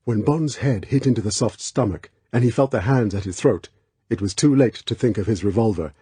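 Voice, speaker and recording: Dark, husky male audiobook narrator. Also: on the low side, no room sound. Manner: measured, tense storytelling. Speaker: audiobook reader. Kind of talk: scripted narration.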